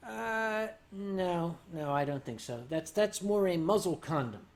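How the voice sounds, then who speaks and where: A man hosting a casual livestream and answering viewer questions with dry, deadpan humor, loose and tipsy as he sips sake. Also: sits high, unhurried. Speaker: livestream host.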